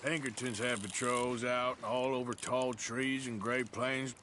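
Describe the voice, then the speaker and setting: A man's voice: medium pitch, little pitch movement, a little slow, background noise, lightly acted. Arthur, a man playing a dry, weary outlaw. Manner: dry, sardonic and clipped. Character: gruff, weary male outlaw enforcer, dry wit. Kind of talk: video game voice acting.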